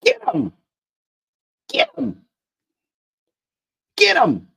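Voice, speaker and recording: A man voicing an eager young boy alone in the wild, shouting with excitement. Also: sits high, slow, voice pushed up, exaggerated voice. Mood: excited.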